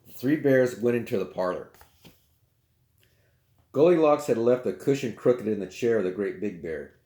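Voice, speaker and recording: A man's voice: medium pitch, animated, moderate pace, warm tone. A man reading a children's storybook aloud, with chatty asides. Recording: roomy echo.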